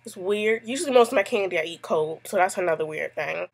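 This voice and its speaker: A woman's voice: lowish voice, animated, fast, creaky, breathy edge. Chatty woman vlogger. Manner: chatty, tells stories with lots of asides. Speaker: YouTube vlogger answering a tag; mother. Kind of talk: casual chat to camera.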